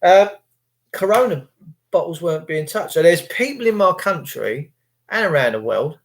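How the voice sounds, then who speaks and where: A middle-aged Englishman delivers a crude, rambling monologue. He swears freely and mocks people. He often jumps up into high, mimicking voices. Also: animated, moderate pace. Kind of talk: casual ranting monologue.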